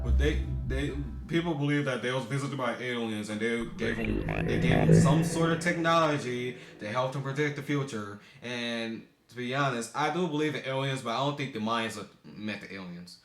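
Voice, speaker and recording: A man's voice: medium pitch, lively intonation, fairly quick, a bit bright, faint music behind. A young man from the United States, rambling casually in commentary, often stumbling and correcting himself mid-sentence. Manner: rambling, self-correcting, stumbling over words. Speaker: video maker. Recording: echoey room.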